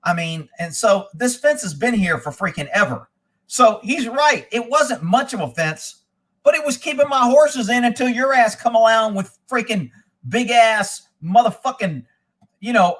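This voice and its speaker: A man hosting a live show, telling a long profane story in a casual, animated way and quoting the people involved. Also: very high voice, normal speed. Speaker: host.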